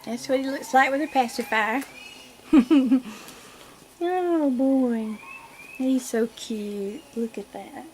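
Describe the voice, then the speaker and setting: A woman's voice: high voice, slow pace, pauses often, a little mellow, slight background noise. A woman vlogger unboxing a doll at home, gushing and giggling as she talks to viewers. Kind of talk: casual unboxing vlog. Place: home nursery. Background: birds chirping.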